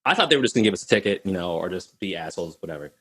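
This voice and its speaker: Husky man telling lively stories. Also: low voice, rapid-fire. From Minnesota. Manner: animated, laughing, acts out voices in his stories. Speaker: podcast guest. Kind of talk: casual storytelling on a video call. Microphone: video call.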